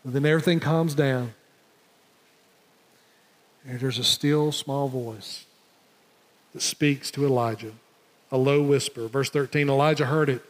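A man's voice: mid-range voice, fairly even intonation, unhurried, pauses often, long reverb tail. A man preaching a sermon as pastor, emphatic and rising in intensity, acting out the lines of the story in his own voice. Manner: emphatic preaching, voices God and Elijah in quotes.

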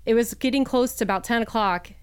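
A woman's voice: fairly high pitch, quick pace, clean tone. A woman guest in a radio studio, chatting in an upbeat way and telling stories. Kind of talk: casual studio chat.

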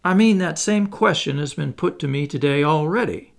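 A man reading the part of a thoughtful young clergyman in a play, measured and guarded. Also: on the high side, gravelly, voice pushed up.

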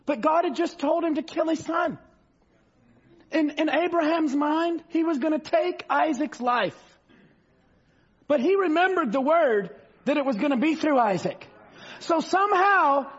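High husky guy preaching hard, slow drawn-out scripture, bursts of shouting, muffled recording. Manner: fervent, rising to shouts, drawls scripture slowly. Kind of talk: sermon. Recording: dull lo-fi sound.

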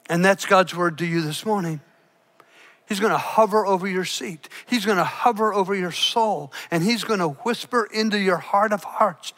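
A man preaching a sermon, swinging from hushed, soft passages to loud, shouted peaks. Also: high voice, moderate pace. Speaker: pastor.

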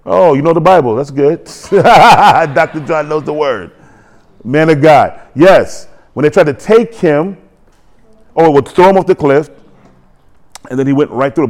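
Man preaching, emphatic, call-and-response, voice sits a bit high. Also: a little mellow. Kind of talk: sermon.

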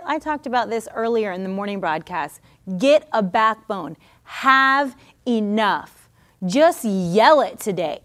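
A woman hosting a podcast sermon, teaching from scripture in an energetic, exhorting way and laughing often. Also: a little high, slow pace. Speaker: Bible teacher and podcast host.

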